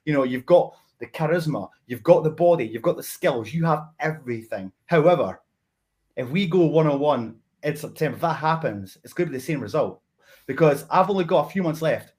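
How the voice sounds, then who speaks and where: Friendly, confident man, slightly high. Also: expressive, a little fast, a little mellow. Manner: friendly but confident, teasing. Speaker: wrestler guest. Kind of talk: casual podcast chat.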